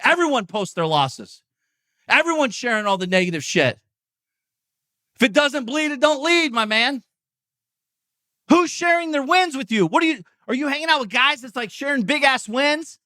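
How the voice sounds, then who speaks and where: Intense, profane middle-aged man, high and bright. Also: lively intonation, moderate pace, pauses often, dry recording, clean studio sound. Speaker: podcast host. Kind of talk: motivational monologue.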